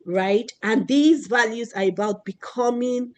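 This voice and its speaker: A woman's voice: on the high side, a little slow. A woman teaching a children's class, who keeps asking questions and checking in with the kids. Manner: asks questions often, keeps checking with "right?".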